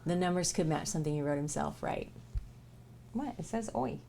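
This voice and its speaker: A woman's voice: low voice, expressive, moderate pace, creaky, dark tone, slight background noise. A woman hosting a live stream, chatting playfully and reading a booklet aloud. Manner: playful, jokey, laughs often. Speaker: livestream host.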